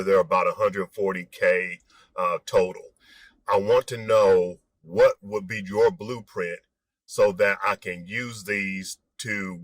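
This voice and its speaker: Man, caller, polite, measured, very low voice, flat delivery. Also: dry recording. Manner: polite, measured, with some filler. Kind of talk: phoned-in question.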